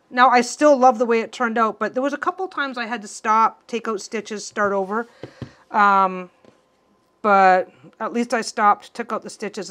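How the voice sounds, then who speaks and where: A woman hosting a casual sewing tutorial, talking in an excitable, rambling way and often repeating herself. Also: mid-range voice. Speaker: quilting channel host.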